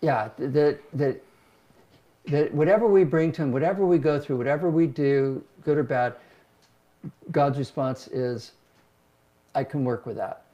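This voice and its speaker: A man's voice: on the high side, moderate pace, dark tone, dull audio. An older man, a pastor and host, telling personal stories in a reflective, self-deprecating way. He livens up his voice when quoting others. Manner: reflective, self-deprecating, acts out quotes in livelier tones. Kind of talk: casual conversational storytelling.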